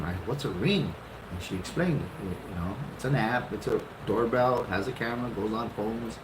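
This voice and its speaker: A man in his fifties tells the story of meeting his wife in a loose, animated way, acting out his own reactions and swearing freely. The room is roomy and echoey, with steady background noise. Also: on the low side, moderate pace. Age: 50s. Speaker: husband telling how the couple met. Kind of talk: casual storytelling.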